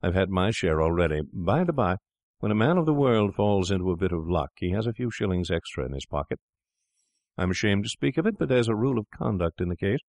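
A man's voice: sits low, sing-song, a little fast, a little mellow, dry recording. A man voicing a scheming young doctor. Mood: smooth. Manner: smooth, coaxing, insistent.

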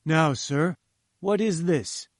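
A haughty older professor holds forth with grand, patronizing emphasis, as a male reader puts him on. The voice sits somewhat high and is recorded close and dry, storybook style. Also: slow, dry recording. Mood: pompous. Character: pompous older male professor, condescending eccentric. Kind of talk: audiobook character voice.

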